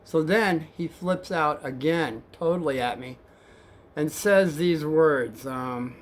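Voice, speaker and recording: Soft-spoken rambling male storyteller. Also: fairly high pitch, slow pace. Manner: soft-spoken and rambling, addresses viewers as kids. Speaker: storyteller, former cab driver. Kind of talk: casual storytelling vlog.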